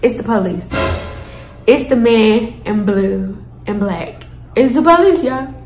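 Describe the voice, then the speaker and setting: A young woman in her twenties tells a story to her viewers in a lively, dramatic style, swearing freely. Her voice is high and bright. The room gives it a noticeable echo. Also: slow, faint music behind. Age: 20s. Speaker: storytime vlogger. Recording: echoey room.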